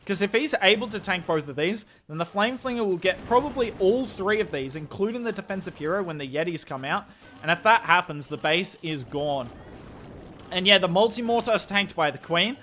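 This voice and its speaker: A young Australian man commentating a strategy game live on stream, with excitable play-by-play and chatty asides to his viewers. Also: sits high, fairly quick, a little hiss or hum.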